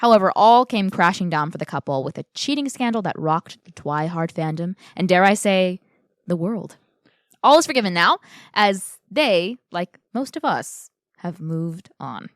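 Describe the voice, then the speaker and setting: A woman co-hosting a film podcast, talking in an excitable, gushing and playful way. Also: lowish voice, moderate pace, dry recording, studio quality. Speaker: podcast co-host. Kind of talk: casual film review chat.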